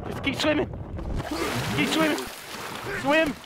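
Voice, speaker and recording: A man hosting a gaming video, giving excitable casual commentary, yelping and talking back to enemies. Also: extremely high pitch, moderate pace, pauses often, over loud music. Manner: excitable, yelps and talks to enemies. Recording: voice over loud game audio. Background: game sound effects.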